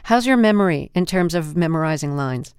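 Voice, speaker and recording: A woman hosting a radio interview, asking measured questions and giving formal introductions. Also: sits low, expressive, darkish tone, clean tone, no echo, studio quality.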